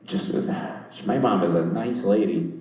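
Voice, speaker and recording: Young comedian riffing with the crowd, lowish voice, self-deprecating, big roomy echo, mic kinda far off. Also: male voice, measured pace. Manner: rambling, swearing, self-deprecating. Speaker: stand-up comedian. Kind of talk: crowd work at a comedy show. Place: comedy club stage.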